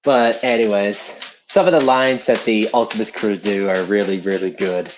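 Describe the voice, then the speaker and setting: A young man chatting on a live stream, rambling and self-deprecating about his amateur voice acting. His voice is fairly low, and he laughs easily. The audio is dull and lo-fi. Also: normal speed, a little hiss or hum. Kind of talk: casual live-stream chat.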